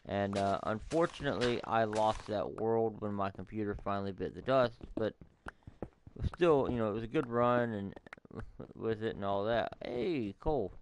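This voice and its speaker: A man's voice: lowish voice, moderate pace, slight background noise. A man giving casual, rambling let's-play commentary as a gaming YouTuber, amused by his own asides.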